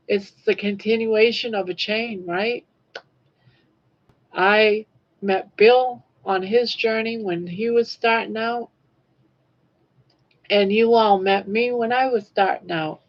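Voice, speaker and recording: Slow-talking grandmother on a dull lo-fi stream. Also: mid-range voice. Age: 60s. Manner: warm-hearted, emotional, chatty with viewers. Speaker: livestream host. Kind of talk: casual livestream chat, reading viewer comments.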